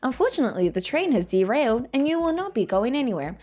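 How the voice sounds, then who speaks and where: A woman's voice: high voice, very animated, quick pace, mellow. A woman putting on a sing-song train announcer. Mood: mock-polite. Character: mock-polite female train announcer.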